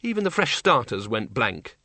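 A man narrating a comic fantasy audiobook with wry, lively storytelling. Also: medium pitch, normal speed, no echo.

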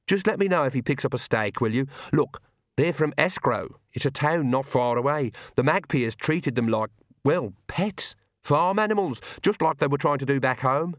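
In a storybook reading, a man voices a cheerful, earthy old woman witch who is chatty and chirpy, pitching above his own voice while staying close to an everyday sound. The medium-pitched delivery is animated and at normal speed, with studio quality and no echo.

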